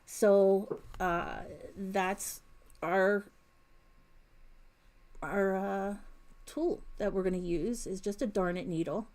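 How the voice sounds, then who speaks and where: A woman's voice: medium pitch, a little mellow. A middle-aged woman hosting a crochet livestream from home, chatting casually and reading viewer comments aloud on a desk mic. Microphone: desk mic picking up room sounds.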